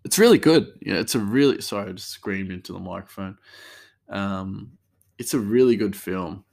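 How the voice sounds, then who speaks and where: Male podcast host, lowish voice, loose and chatty, drifts off on tangents. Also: normal speed, vocal fry, a little mellow. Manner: rambling, chatty, restarts, laughs easily. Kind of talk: casual solo podcast chat.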